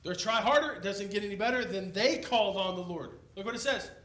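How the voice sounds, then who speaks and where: A man preaching an expository sermon in a conversational, animated way, acting out the people in the story. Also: high-pitched, fairly quick. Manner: animated, conversational, acts out biblical characters. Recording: echoey room, mic at a distance.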